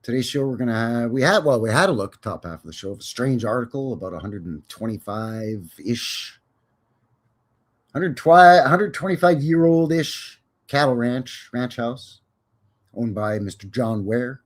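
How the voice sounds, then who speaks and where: A man's voice: medium pitch, expressive, measured pace. A man hosting a casual live stream, chatting in a folksy, rambling way with jokes and cowboy slang.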